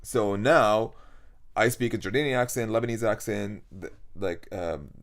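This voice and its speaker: A young man from Iraq with an Arabic accent, chatting casually as a podcast guest, animated, with many fillers and restarts. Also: lowish voice, normal speed. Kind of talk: casual conversation.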